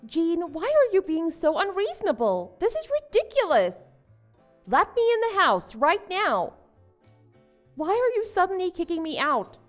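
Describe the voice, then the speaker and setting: A woman's voice: very high-pitched, huge pitch swings, moderate pace, faint music behind, full character voice. A woman voicing a wronged young wife and new mother who protests and pleads with her husband. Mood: indignant. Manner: indignant, pleading. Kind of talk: story drama voice acting.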